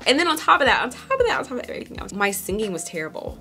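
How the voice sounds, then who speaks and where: A young woman gossips and rambles at home while she does her makeup. She sounds animated and talkative, and her pitch leaps around freely. "Like" fills nearly every sentence. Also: quick pace, faint music behind. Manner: chatty, animated, heavy use of "like". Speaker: beauty vlogger. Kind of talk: casual get-ready-with-me chat.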